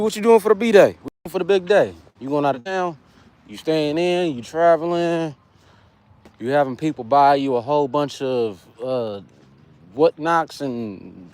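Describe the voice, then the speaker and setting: A man's voice: medium pitch, a little mellow. A man from California, hosting a casual fitness livestream and chatting loosely with his viewers. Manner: laid-back, chatty, greets viewers by name.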